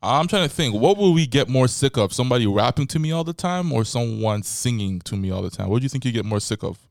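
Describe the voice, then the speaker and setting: A man's voice: mid-range voice, lively intonation, quick pace, creaky, no echo, clean studio sound. A man hosting a casual podcast chat, playful and teasing as he puts questions to his friends. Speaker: podcast host.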